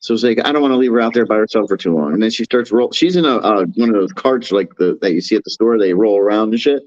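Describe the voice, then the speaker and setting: A man rambles through a profane story on a casual podcast. He keeps slipping into a higher voice to act out what others said. The sound is dull and lo-fi, close and dry. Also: quick pace, darkish tone, dry recording. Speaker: podcast co-host.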